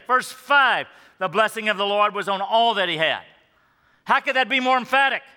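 Bright high-voiced male preacher, echoing hall. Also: expressive, moderate pace, smooth. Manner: emphatic, repeats key points. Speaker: pastor. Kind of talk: scripture reading and sermon. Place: church sanctuary. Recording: long reverb of a church hall.

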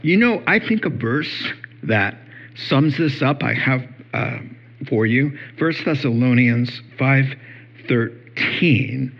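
A man's voice: medium pitch, vocal fry, breathy edge, lo-fi sound. A male pastor giving a conversational sermon, telling stories with many fillers.

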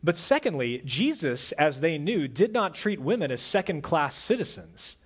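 A middle-aged man delivers a Sunday sermon in a slightly high, husky voice. He preaches earnestly and lets his voice fall quiet on the words that matter most. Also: big pitch swings, normal speed. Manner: earnest preaching, drops to a soft hush on key words. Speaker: pastor.

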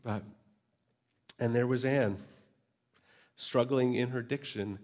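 A man preaching a Sunday sermon, reading scripture and telling stories, slipping into lively voiced quotes. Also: medium pitch, slow pace. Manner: animated storytelling with voiced quotes. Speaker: pastor.

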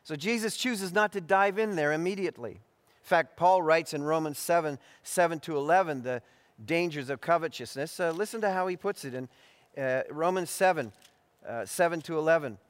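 Male preacher, higher-pitched voice, deliberate expository delivery, reverb from a hall. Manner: measured, deliberate delivery with frequent restarts and fillers. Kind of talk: expository sermon.

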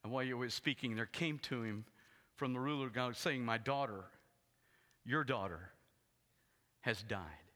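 A man preaching a sermon as a pastor, retelling the story dramatically and swinging from hushed tones to loud ones. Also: medium pitch, normal speed, long pauses. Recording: long hall reverb.

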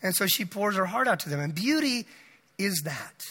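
A man preaching a sermon to a church congregation, animated and emphatic, slowing down to stress key words. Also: high-pitched, breathy edge. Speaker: pastor. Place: church sanctuary. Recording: long hall reverb.

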